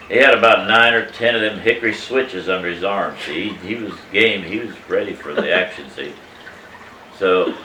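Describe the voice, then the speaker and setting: A man in his eighties telling a family story from his childhood in a casual, animated way, emphatic and salty, chuckling as he goes. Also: lowish voice, a little hiss or hum. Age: 80s. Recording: echoey room, mic at a distance.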